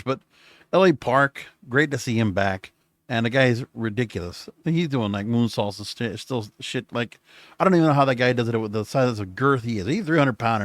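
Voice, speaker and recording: With a medium-pitched voice and no room sound, a man hosts a solo podcast late at night. His recap is casual and rambling, and he corrects himself often.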